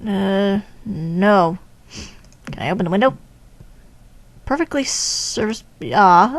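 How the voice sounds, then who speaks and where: Woman game streamer, chatty wry commentary, slow pace, dry sound. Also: medium pitch, no room sound. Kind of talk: casual playthrough commentary.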